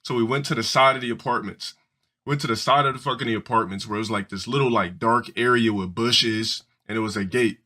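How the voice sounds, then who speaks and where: Bright-voiced man telling crude stories. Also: mid-range voice, brisk. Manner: crude, rambling, full of swearing and restarts. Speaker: streamer. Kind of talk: casual profane storytelling to a live audience.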